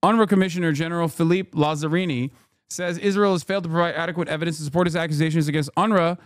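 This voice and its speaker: Male streamer in his 30s, casual and rambling with fast read-alouds; slightly high voice, dry sound. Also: steady tone, dry recording. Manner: loose and chatty with restarts, reads headlines aloud quickly. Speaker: streamer reacting to news. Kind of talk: casual live-stream commentary.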